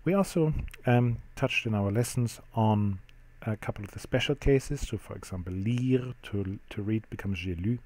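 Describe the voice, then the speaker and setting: Male language teacher, low and warm, patient explainer with plenty of ums. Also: normal speed, few pauses. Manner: explanatory, steady, with frequent ums. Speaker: French teacher. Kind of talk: classroom-style grammar lesson.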